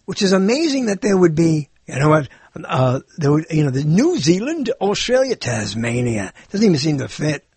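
Guy rambling on his own show, husky voice, bouncy lively pitch, dry close mic with a little music under. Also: brisk, no echo. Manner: playful, meandering, self-amused with frequent laughs. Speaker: podcast host. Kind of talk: rambling solo monologue.

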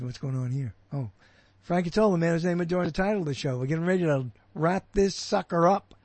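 A man's voice: on the high side, no room sound. An older man hosting an internet radio show, rambling and joking with lots of fillers and restarts. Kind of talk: casual radio show chat. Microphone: boom mic.

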